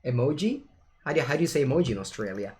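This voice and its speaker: Animated Italian-accented man streaming. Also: medium pitch, rapid-fire. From Italy. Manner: chatty, animated, switches between English and Italian phrases. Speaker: streamer playing a card game. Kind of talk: casual chat with stream viewers while playing.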